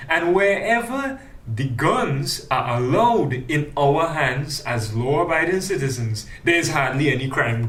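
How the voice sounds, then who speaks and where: A man's voice: fairly high pitch, a bit bright. A man with a Trinidadian accent giving an impassioned forum speech, fiery and full of rhetorical questions. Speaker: forum speaker for a grassroots news team. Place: public forum hall. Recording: echoey room, mic at a distance.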